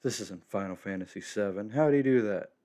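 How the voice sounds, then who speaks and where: A man's voice: fairly low pitch, fairly quick, dark tone. A man streaming a video game, making jokey, sarcastic asides as casual commentary.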